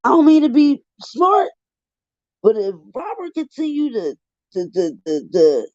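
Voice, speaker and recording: A man's voice: very high voice, wildly swooping pitch, measured pace, a little mellow, no room sound. A man giving heated, profane live commentary, ranting in an exasperated way on a livestream. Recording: dull lo-fi dry livestream audio.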